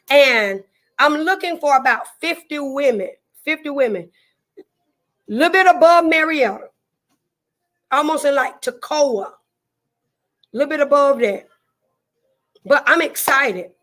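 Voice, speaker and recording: A woman's voice: sits high, animated, a little slow, long pauses, a bit bright. A woman with a Southern drawl hosting a casual live stream, chatting folksily with viewers, repeating herself and greeting them by name.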